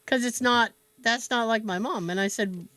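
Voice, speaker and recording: A woman's voice: fairly high pitch, moderate pace, dry recording. A woman podcast host telling a family story in casual chat, acting out quoted dialogue. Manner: animated storyteller who acts out quoted dialogue and laughs often.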